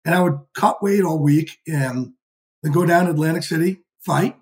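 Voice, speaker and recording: A man in his fifties, a podcast guest telling lively, profane stories in a casual interview. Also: a little high, normal speed. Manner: energetic, profane, animated storyteller. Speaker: podcast guest, sports insider.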